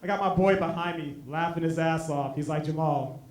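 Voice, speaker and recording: A man doing a stand-up comedy set, telling profane stories in an animated way with bursts of laughter. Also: a little high, fairly quick, echoey room. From Brooklyn. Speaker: stand-up comic and show host. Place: comedy venue with a live audience.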